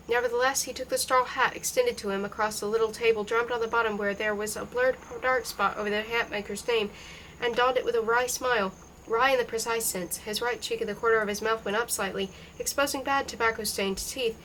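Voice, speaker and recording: A woman reading a novel aloud in an even, unhurried way, lightly voicing the dialogue. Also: on the high side, slight background noise, rough recording. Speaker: reader.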